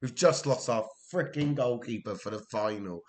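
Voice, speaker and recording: A man's voice: mid-range voice, expressive, normal speed, hardly any pauses. Welsh man, gameplay commentator, exasperated, swears, talks to himself. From Wales.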